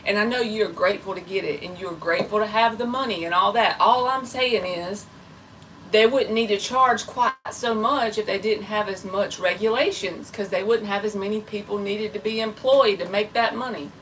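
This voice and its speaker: A woman's voice: medium pitch, moderate pace, fairly bright tone, distant mic, slight background noise, poor audio. A woman tarot reader chatting casually and rambling on a live stream, talking straight to her viewers. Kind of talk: casual livestream chat.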